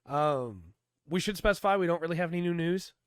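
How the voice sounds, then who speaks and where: Man, hoarse, losing his voice, casual explainer, fillers, slightly high pitch, dry sound. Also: lively intonation, fairly quick, dry recording. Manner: chatty, explaining, with frequent fillers. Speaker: podcast co-host. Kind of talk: casual chat about tabletop game rules.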